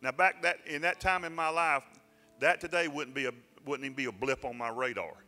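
A pastor telling a personal story in a sermon, folksy and self-mocking, dropping into plain dialect grammar. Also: male voice, mid-range voice, brisk, sharp tone. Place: church sanctuary. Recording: church sanctuary with long reverb and faint music.

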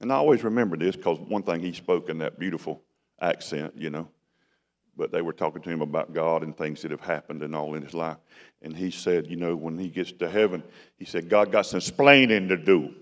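A man's voice: deep voice, steady tone, fairly quick, a little mellow. A man preaching a sermon in a conversational style that rises to emphatic bursts. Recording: long hall reverb.

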